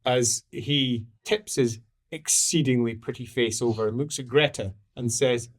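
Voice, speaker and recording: A man narrating a tabletop game as game master, in an animated, playful way. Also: mid-range voice, unhurried.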